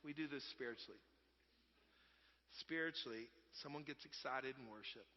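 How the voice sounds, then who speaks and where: A man, preaching a sermon in a relaxed, conversational storytelling way that swings between loud and hushed. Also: mid-range voice, normal speed. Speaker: pastor. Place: church sanctuary. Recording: dull sound with long reverb.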